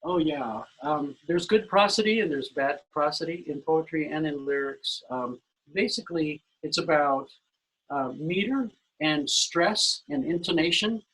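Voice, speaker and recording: A man with a fairly high, husky voice talks through songwriting craft as a guest on a video call webinar. His explanations are loose and conversational, full of "you know" fillers. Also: a little slow, fairly bright tone, low-quality recording. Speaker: musical director, guest expert.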